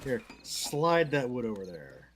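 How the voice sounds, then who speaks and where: Lively man trading dry quips. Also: mid-range voice, measured pace, faint music behind. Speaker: co-player and regular guest. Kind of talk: casual co-op gameplay chat.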